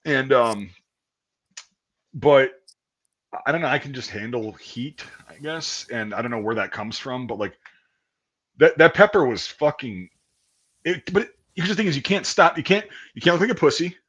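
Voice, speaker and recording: A man's voice: mid-range voice, moderate pace, pauses often, breathy edge, dull audio. A young man telling a rambling, profane story in casual chat and acting out the voices of the people in it. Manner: profane, animated storyteller, acts out quoted voices. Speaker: podcast host.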